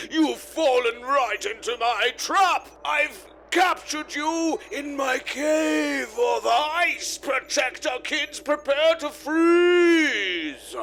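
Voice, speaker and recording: A man voicing a gloating ice villain from a children's TV show, with shouted, grandiose threats. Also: extremely high pitch, lively intonation, extremely slow, gravelly, few pauses, a little hiss or hum, full character voice.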